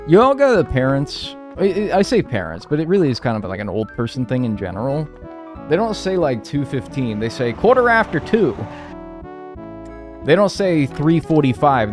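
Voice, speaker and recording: A man in his twenties chatting casually and profanely with his viewers while playing a game, rambling and trailing off into mumbles. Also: medium pitch. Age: 20s. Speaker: streamer. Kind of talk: casual chat while gaming and reading chat.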